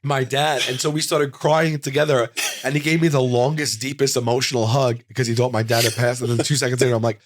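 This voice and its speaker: A comedian in his forties tells a long story to an interviewer, his pitch sitting at an ordinary middle register. He talks in an animated, rambling flow, doubling back with fillers and restarts. The studio sound is dry and close, with almost no room echo. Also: fast, few pauses. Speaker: comedian guest.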